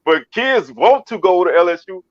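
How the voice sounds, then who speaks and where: With a voice that sits high and swings widely in pitch, this Baton Rouge, Louisiana co-host chats casually about sports at a normal speed. He repeatedly restarts and repeats himself. The dull, dry lo-fi audio has no echo.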